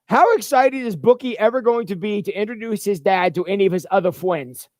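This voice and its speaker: A man's voice: high voice, brisk, no echo, studio quality. A man pastor giving an informal livestreamed church talk in a chatty, rambling way, stumbling and restarting often.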